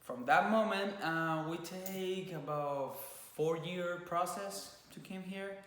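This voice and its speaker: In a very echoey room, a young Cuban man in his 20s, a vlogger, tells his story slowly in a high-pitched voice. His Cuban Spanish accent comes through, and his relaxed, loose chat drifts into Spanish words now and then.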